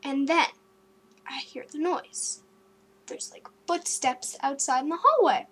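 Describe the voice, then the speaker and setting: Give me a high-voiced young woman telling a story to her webcam. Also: a little slow. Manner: animated, jumpy storytelling with sudden gasps and loud outbursts; filler-heavy, with many likes and ums. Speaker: vlogger. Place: her bedroom at home.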